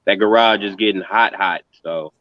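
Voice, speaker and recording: A man chatting casually as a guest on a live stream, telling stories in a laid-back, unhurried way. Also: on the low side, no room sound, lo-fi sound. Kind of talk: casual chat.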